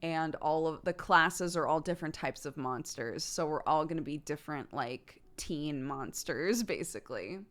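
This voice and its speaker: A woman streamer casually answering chat questions, animated, laughing often and swearing freely. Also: sits low, moderate pace, few pauses.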